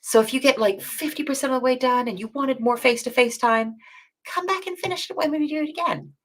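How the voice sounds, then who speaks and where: A woman co-hosting a coding bootcamp livestream, chatty and self-deprecating with quick asides. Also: sits high, a bit bright. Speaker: bootcamp co-host. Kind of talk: casual livestream teaching chat.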